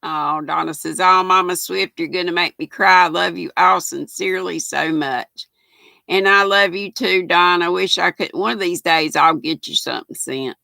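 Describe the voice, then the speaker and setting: A woman's voice: on the low side, normal speed, gravelly, bright, forceful tone, no room sound. An older woman with a Southern US accent, hosting a casual live crafting stream, reading viewer comments and greeting them by name in a folksy, affectionate way. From Southern United States.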